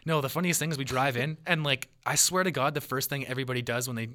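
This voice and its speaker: A man's voice: mid-range voice, fast talker, sharp tone. A young man co-hosting a podcast in laid-back, casual chat, swearing and using many fillers. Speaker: podcast co-host.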